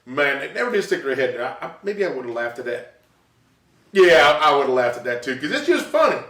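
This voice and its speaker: A man's voice: mid-range voice, fast talker. A man doing stand-up comedy from his living room, telling stories with sound effects and asides to the audience. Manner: animated storytelling, sound effects, talks to audience. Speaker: stand-up comic. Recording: roomy echo, mic at a distance.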